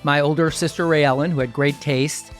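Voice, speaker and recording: A man's voice: a little high, fairly even intonation, a little fast, soft background music. A man hosting a podcast, reading a playful scripted introduction full of puns. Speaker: podcast host. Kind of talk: scripted narration.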